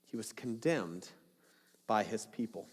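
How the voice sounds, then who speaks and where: Lively casual pastor in a reverberant hall. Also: male voice, fairly low pitch, a little slow, breathy edge. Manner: casual, joking asides with dramatic retellings. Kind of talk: sermon.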